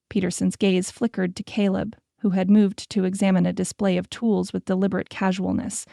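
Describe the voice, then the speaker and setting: A woman narrating a historical romance audiobook in a steady, scripted storytelling manner. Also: medium pitch, fairly quick, vocal fry, hardly any pauses, no echo, studio quality.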